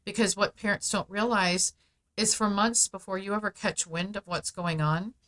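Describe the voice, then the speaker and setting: A woman's voice: mid-range voice, fairly even intonation, a bit bright. Emphatic, persuasive woman guest. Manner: emphatic, persuasive, speeds up and slows for stress. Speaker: guest, founder of a parents' advocacy group. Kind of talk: podcast interview.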